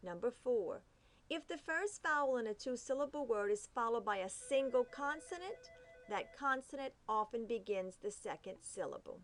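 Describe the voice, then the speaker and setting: A woman teaching phonics rules, reading each rule slowly and carefully, sounding out the letters. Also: a little high, expressive. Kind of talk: phonics lesson.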